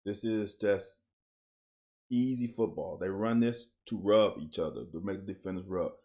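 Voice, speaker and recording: This host breaks down game film in a deep voice at a moderate pace. He's blunt and coach-like in this casual football commentary, getting animated whenever a big play comes up.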